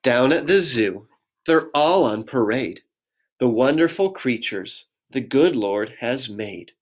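A man, a pastor, reading a children's picture book aloud in a gentle sing-song voice and inviting young listeners to join in. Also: medium pitch, animated, slow pace.

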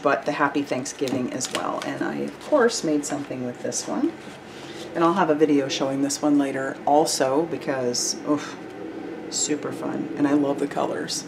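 A woman with a low, deep-set voice talks through new crafting products in an upbeat, gushing vlog style. She chats casually and freely. A faint hum sits underneath the recording. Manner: bubbly, enthusiastic, chatty with fillers. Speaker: card-making channel host.

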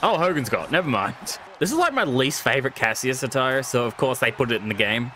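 A man's voice: medium pitch, quick pace, a little hiss or hum. A young man commentating a wrestling video game on stream, joking, swearing and laughing often. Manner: jokey, swears a lot, laughs often, excitable. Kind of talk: casual live-stream commentary.

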